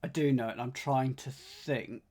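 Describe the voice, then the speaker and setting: A man's voice: medium pitch, steady tone, moderate pace, dark tone. A man with a slight lisp, thinking aloud while he works through a crossword, muttering and sighing as he puzzles. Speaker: puzzle streamer.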